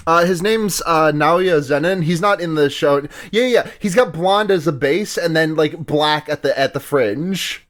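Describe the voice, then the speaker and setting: A man's voice: on the high side, measured pace, a bit bright. A man co-hosting a podcast, chatting casually about anime, rambling and laughing often. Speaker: podcast co-host.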